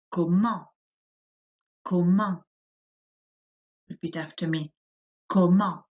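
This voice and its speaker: A woman teaching a French lesson to young children, saying words slowly for them to repeat, her pitch rising on each French word. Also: darkish tone. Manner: slow, drilling words for repetition, rising on French words. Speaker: primary school French teacher. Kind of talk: recorded remote lesson for children. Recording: dull lo-fi audio.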